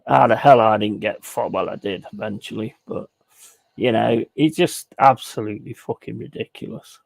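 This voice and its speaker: A man's voice: fairly low pitch, moderate pace, gravelly, no echo. A man telling crude, blunt stories in a casual chat while streaming a game. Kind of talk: casual sweary storytelling while gaming.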